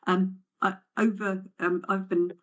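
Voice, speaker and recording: A woman speaking at a committee meeting, reflective and even-toned, with many fillers. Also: mid-range voice, measured pace, lo-fi sound. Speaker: committee member. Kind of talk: meeting discussion.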